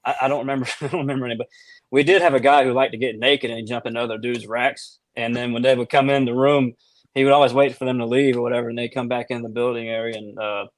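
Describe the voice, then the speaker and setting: A man's voice: mid-range voice, fairly even intonation, fast, no echo. Podcast co-host, man, rambling storyteller, dry close sound. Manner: rambling with many restarts and laughs. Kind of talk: casual storytelling chat.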